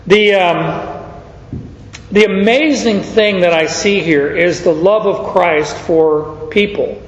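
An older man preaching an expository sermon, reading scripture aloud and acting out the quoted lines with slow emphasis. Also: high voice. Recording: roomy, long reverb, dull sound.

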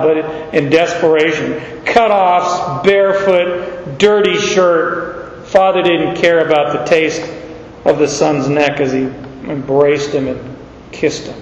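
Slow-talking man preaching in an echoey hall. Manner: conversational, explaining with asides and repeated words. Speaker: pastor. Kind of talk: expository sermon. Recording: echoey hall, dull sound, faint rumble.

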